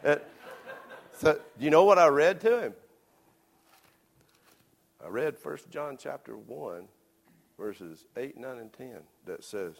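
A man's voice: mid-range voice, lively intonation, takes it slowly, creaky, pauses often. Man preaching, pastor, conversational, self-deprecating, mid-range voice. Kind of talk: sermon with storytelling.

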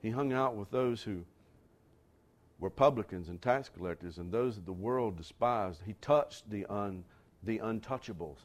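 A man preaching a sermon, talking straight to his congregation with conversational asides and building to forceful emphatic lines. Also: fairly low pitch, normal speed. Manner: rising to emphatic near-shouts on key lines. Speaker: pastor.

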